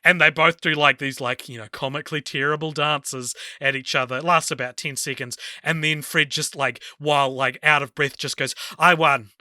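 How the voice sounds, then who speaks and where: A man co-hosting a film podcast who recaps scenes in a casual, amused way, laughing often and pausing on fillers. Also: a little high, fairly even intonation, bright, forceful tone, dry recording, studio quality. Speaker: podcast co-host. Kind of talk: casual film review chat.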